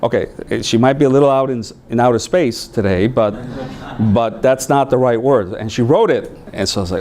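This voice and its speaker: A man training new teachers, telling stories in an animated way and acting out voices. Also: mid-range voice, fairly quick. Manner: animated storytelling, acts out voices.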